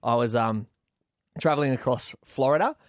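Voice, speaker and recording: A young Australian man hosting a casual podcast chat, telling animated stories and mimicking voices. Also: mid-range voice, moderate pace, no echo, studio quality. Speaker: podcast host.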